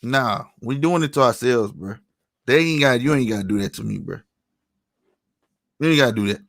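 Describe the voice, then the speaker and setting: A man's voice: mid-range voice, lively intonation, moderate pace, gravelly, fairly bright tone, no room sound, studio quality. A man giving a heated commentary rant, angry and profane, often tossing in "you know what I'm saying". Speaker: online commentator.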